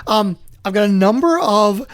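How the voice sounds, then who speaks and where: A man co-hosting a podcast in casual chat, excitable and rambling, swearing freely. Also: high voice, moderate pace, no room sound, studio quality. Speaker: podcast co-host.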